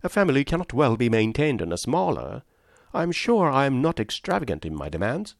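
An impulsive, romantic young woman, as a male reader puts her on, earnest and exclamatory in a lifted voice. Her lines rise and fall with lively energy, recorded dry and close for an audiobook. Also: mid-range voice, fairly quick, creaky, no echo. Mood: ardent. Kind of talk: audiobook reading of a classic novel.

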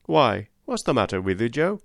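A man's voice: medium pitch, sing-song, normal speed, gravelly, no echo, studio quality. A man reading an audiobook and voicing a kindly head groom who speaks in a fatherly, approving manner.

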